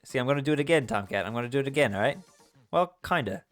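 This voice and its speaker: A young man hosting a livestream from his home setup, chatting and joking with viewers in a loose, playful way. His voice sits at an ordinary middle pitch. Soft music plays faintly behind him. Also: animated, very fast. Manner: chatty and playful, reading chat aloud and joking. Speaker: livestream host. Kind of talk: casual chat with live viewers.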